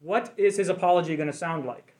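A man's voice: high voice, brisk, darkish tone. A man leading a Bible study group, teaching conversationally and asking the class questions.

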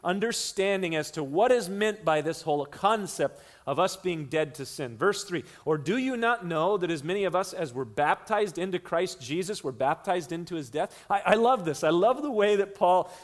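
Male pastor, slightly higher voice, earnest teaching sermon, repeats lines for emphasis. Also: animated. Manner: earnest teaching, shifts between slow emphasis and quick runs. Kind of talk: expository sermon.

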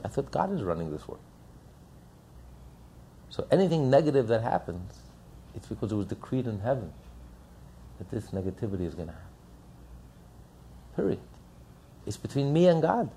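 A man's voice: mid-range voice, very animated, normal speed, long pauses, dark tone, slight background noise. A man giving a sermon as a rabbi, emphatic and repetitive, firing rhetorical questions. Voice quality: gravelly, husky.

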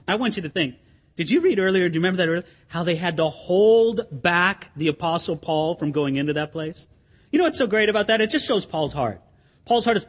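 A man with a strikingly high voice preaches a sermon. He keeps the congregation with him through emphatic rhetorical questions, and now and then he acts out the chants and the words of a crowd. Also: expressive, a little fast. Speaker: pastor.

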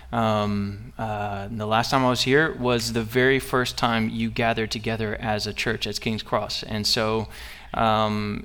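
A man's voice: fairly low pitch, fairly bright tone, clear, resonant tone. Young guy preaching, earnest, lots of ums and restarts, stops and starts a lot. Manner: halting, many fillers and restarts; earnest and personal. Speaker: guest preacher. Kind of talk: sermon.

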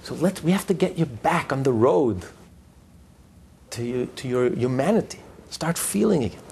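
Gravelly, animated male preacher. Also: mid-range voice, normal speed, slight background noise. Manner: emphatic, builds points through repeated lists; tells a joke story mid-lesson. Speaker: religious teacher. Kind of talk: sermon.

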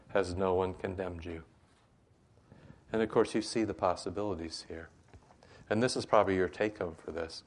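A man's voice: deep voice, vocal fry. A man teaching a Bible study in a conversational way, with frequent rhetorical asides.

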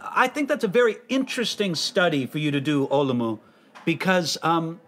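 A man's voice: fairly high pitch, animated, moderate pace, fairly bright tone, a little hiss or hum. A man hosting a casual faith conversation, reading listener questions aloud in a teasing, inquisitive way.

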